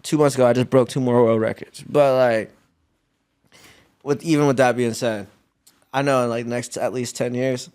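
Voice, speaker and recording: A young man at an everyday mid pitch, talking in a relaxed, slang-filled way. He tells his stories loosely and breaks into laughs as he goes, like a guest in a casual interview. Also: moderate pace, pauses often, clean tone. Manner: laid-back slang-heavy storytelling with laughs. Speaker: guest athlete. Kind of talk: casual chat.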